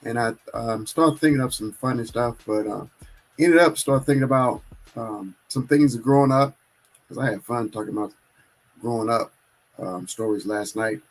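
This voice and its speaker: A man's voice: medium pitch, normal speed, soft background music, poor audio. A man hosting his own live stream, chatting casually and rambling, often correcting himself. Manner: rambling and self-correcting, churchy.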